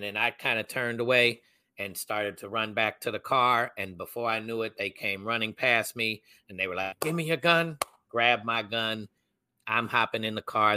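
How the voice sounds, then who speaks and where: A young adult man co-hosting a podcast, telling a personal story in casual chat and acting out the people he quotes in loud voices. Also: fairly low pitch, clean tone, dry recording. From United States. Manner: animated, acts out quoted voices loudly. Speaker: podcast co-host.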